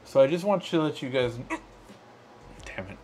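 A tipsy man hosting a live tech show chats with slurred, drunken speech and constant hiccups. His medium-pitched, slightly mellow voice swings widely in pitch at a normal speed, with faint background noise behind him.

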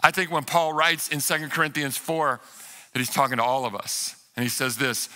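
Bright-voiced man preaching a sermon. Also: brisk. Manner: conversational preaching, swings from soft and low to high and animated. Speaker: pastor. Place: church sanctuary.

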